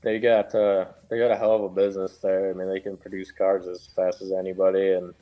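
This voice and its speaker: Low, flat-voiced man from Minnesota. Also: brisk, muffled recording. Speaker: guest race driver. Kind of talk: casual interview.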